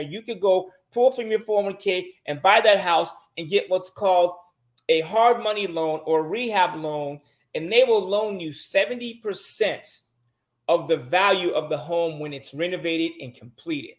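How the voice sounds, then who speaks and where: A man's voice: sits high, normal speed, roomy sound. A man talking casually and bluntly as a show guest, swearing often and pressing his money advice with emphasis.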